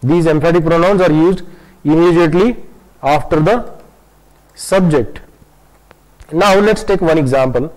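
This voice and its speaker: A man teaching a grammar lesson online, often pausing on fillers and restarting his sentences. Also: a little high, darkish tone, poor audio. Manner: hesitant, many fillers and restarts, switches into Hindi to explain.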